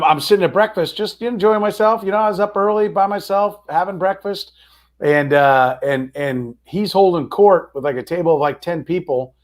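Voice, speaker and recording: A man co-hosting a sports podcast, telling a chatty anecdote in casual talk. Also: fairly high pitch. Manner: chatty anecdote teller, acts out quoted voices. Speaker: podcast co-host.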